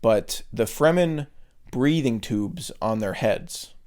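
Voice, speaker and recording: A man's voice: medium pitch, animated, takes it slowly, a little mellow. A man co-hosting a podcast, chatting casually and enthusiastically about a film, swearing often and using lots of fillers. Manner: loose and enthusiastic, with frequent swearing and filler words. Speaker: podcast co-host. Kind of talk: casual film review chat.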